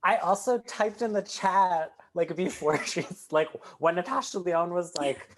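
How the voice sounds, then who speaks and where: Lower-voiced woman with dry asides. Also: a little slow. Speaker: podcast co-host. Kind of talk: casual chat.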